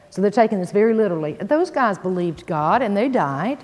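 A woman's voice: medium pitch, animated, normal speed, few pauses, darkish tone. Woman preaching in a hall. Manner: reads scripture aloud with dramatic emphasis; folksy asides to the listeners. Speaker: Bible teacher. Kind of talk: sermon. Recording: long hall reverb.

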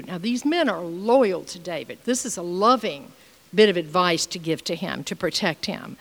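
A woman's voice: on the low side, expressive, normal speed, a bit bright, long reverb tail. A middle-aged woman teaching from the Bible, reading scripture and sharing personal stories in an earnest, conversational way.

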